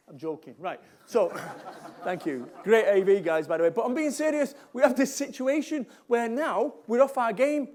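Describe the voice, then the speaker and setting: A man with a Mancunian accent whose voice sits very high for a man. He talks to a live audience as a motivational speaker, blunt and jokey, and he hammers points home by saying them twice. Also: moderate pace, darkish tone. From Salford, England. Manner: blunt, jokey, repeats lines for emphasis.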